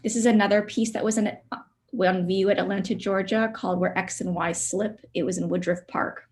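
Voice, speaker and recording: A woman artist presenting her work on a video call, soft-spoken and reflective, with frequent ums. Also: mid-range voice, steady tone, a little fast. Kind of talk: virtual studio visit presentation.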